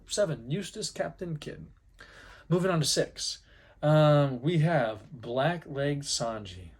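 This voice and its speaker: A young man giving casual, excitable fan commentary, rambling and slangy as he talks. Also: medium pitch, husky. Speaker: anime commentary YouTuber.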